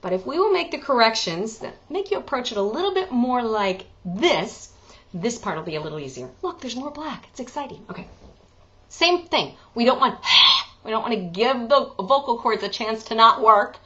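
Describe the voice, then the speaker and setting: Bright, lively woman vocal coach. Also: on the high side, normal speed, dull audio. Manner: chatty, joking, breaks into sung demonstrations. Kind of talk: online singing lesson.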